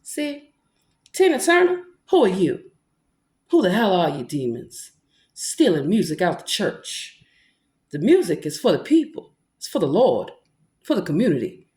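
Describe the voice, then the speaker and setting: Dark in tone and fairly low, her voice swings widely in pitch at normal speed as this Black self-styled preacher passionately confronts her accusers. She breaks into gospel song, with echo in the room and music behind her.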